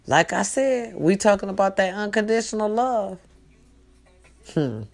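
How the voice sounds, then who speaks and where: A woman hosting a casual monologue for a live stream, talking straight to her viewers with loud outbursts and hushed asides. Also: medium pitch, expressive, measured pace, soft background music. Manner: tag questions, talks straight to her viewers. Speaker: host.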